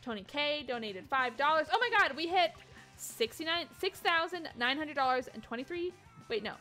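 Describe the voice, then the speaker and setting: A woman's voice: sits high, lively intonation, normal speed, pushed and bright, soft background music. A woman hosting a charity game stream in casual chat, giggly and chatty as she reads out donations.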